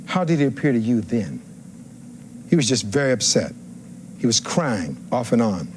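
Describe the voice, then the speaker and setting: A man's voice: mid-range voice, big pitch swings, moderate pace, slight background noise. A man giving a courtroom closing argument as defense attorney, reading testimony aloud and firing rhetorical questions at the jury.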